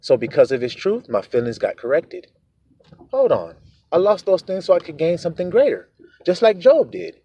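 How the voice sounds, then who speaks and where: A man preaching a sermon, animated, acting out quoted voices as he goes. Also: fairly high pitch, normal speed, slightly rough.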